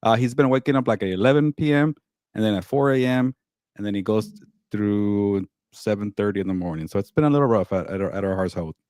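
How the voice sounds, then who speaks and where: A man's voice: lowish voice, fast talker, darkish tone, clear, resonant tone, no echo. A man co-hosting a podcast, talking in a rambling way about life as a new father. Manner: rambling, self-interrupting. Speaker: podcast co-host. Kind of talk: casual chat.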